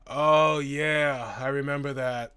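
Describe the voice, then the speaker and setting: A man's voice: mid-range voice, fairly even intonation, slow pace, bright, forceful tone, smooth, no echo. A man hosting a casual live stream, reading out and answering chat questions in a chatty, profane way, laughing easily.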